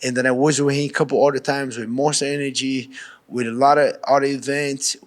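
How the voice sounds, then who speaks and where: A man in his thirties from Brazil, speaking English with a Brazilian accent and a middle pitch. He answers reporters in a loose, candid way, circling back over his words and dropping a casual "bro". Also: little pitch movement, a little fast. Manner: casual, frank, restarts often, says "bro". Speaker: professional fighter. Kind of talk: pre-fight media interview.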